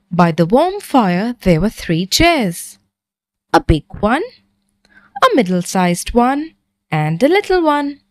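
A woman narrating a bedtime story for children in a gentle, expressive manner. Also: medium pitch, no echo.

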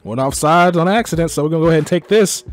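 A man's voice: on the high side, racing, soft background music. Young man muttering over his game. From Texas. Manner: swings from muttering to frustrated yelling. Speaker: gaming YouTuber. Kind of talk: live gameplay commentary.

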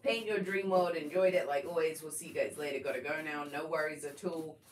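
A woman's voice: low voice, brisk. A woman co-hosting a live stream, making upbeat announcements and reading viewer comments. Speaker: co-host and chat moderator. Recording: distant voice with faint room noise.

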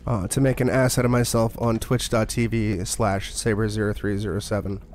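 A man's voice: fairly low pitch, level tone, moderate pace, darkish tone, slight background noise. A man streaming a horror game, chatting casually in a rambling, joking and profane way. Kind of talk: casual gaming commentary.

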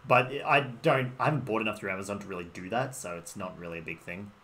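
A man's voice: on the low side, quick pace, pushed and bright. A man with an Australian accent, casually streaming a game and rambling while he answers viewers' messages. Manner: rambling, greets and answers chat. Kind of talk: casual live-stream chat. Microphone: desktop microphone. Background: faint background music.

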